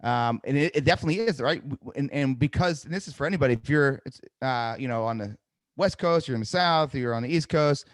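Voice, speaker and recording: A man's voice: medium pitch, a little fast, no echo, studio quality. A middle-aged man coaching salespeople in a live webinar, talking directly and energetically and often checking in with "right?". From New Jersey. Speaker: sales trainer.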